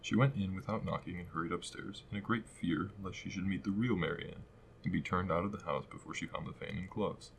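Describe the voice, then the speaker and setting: Deep-voiced man reading a storybook. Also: steady tone, fairly quick, vocal fry, a little hiss or hum, low-quality recording. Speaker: audiobook reader. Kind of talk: scripted storybook narration.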